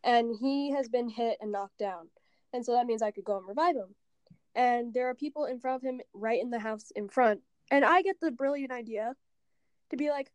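A young woman co-hosting a casual chat about a video game, an animated storyteller who acts out what people said. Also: fairly high pitch, normal speed, no echo. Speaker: podcast co-host. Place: at home.

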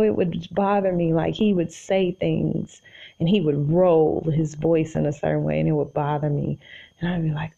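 A woman's voice: lowish voice, fairly even intonation, moderate pace, creaky, warm tone, highs cut off. A woman hosting a podcast, talking casually about faith from her bed, chatty and addressing listeners as y'all. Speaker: podcast host. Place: in bed at home.

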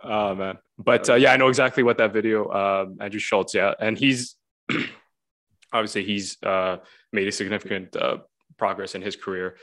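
A man hosting a podcast, chatting in a relaxed way and laughing easily. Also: on the low side, moderate pace. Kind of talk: casual podcast chat.

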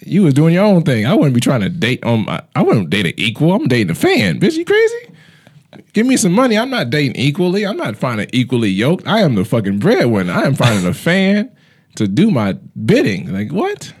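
A man co-hosting a podcast, telling loud, profane comedic stories with put-on voices. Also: mid-range voice, wildly swooping pitch, fairly quick, breathy edge. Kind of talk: casual comedic chat.

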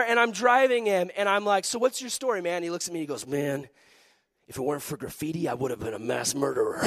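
A young man preaching to a youth group, telling a story with lively acted-out voices and frequent laughter. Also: sits high. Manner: animated, acts out voices in his story, laughs often. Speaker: pastor.

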